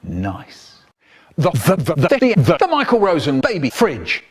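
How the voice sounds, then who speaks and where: A man's voice: high voice, huge pitch swings, moderate pace, slightly rough. Theatrical older man telling comic poems. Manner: theatrical, wildly swooping voice with sudden whispers and shouts. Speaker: storyteller. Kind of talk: chopped-up comic poem recital.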